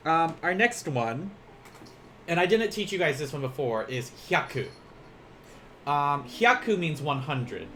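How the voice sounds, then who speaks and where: A man's voice: a little high, big pitch swings, a little slow, bright, forceful tone, slight background noise. A man teaching a casual online language lesson, counting strokes aloud as he writes and joking at his own expense. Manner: chatty, self-deprecating, laughs often.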